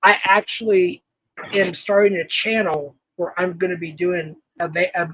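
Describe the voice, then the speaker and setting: A man's voice: high voice, little pitch movement, normal speed, fairly bright tone, dry recording, rough recording. A man hosting a casual livestream chat, rambling and thankful, with frequent fillers and laughs. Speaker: livestream host.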